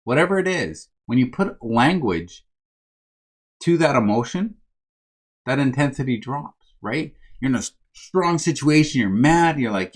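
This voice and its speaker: A man's voice: mid-range voice, sing-song, measured pace, breathy edge. A man giving a motivational self-help talk as a coach for first responders, speaking conversationally, checking in with "right?" and calling his listeners "my friends".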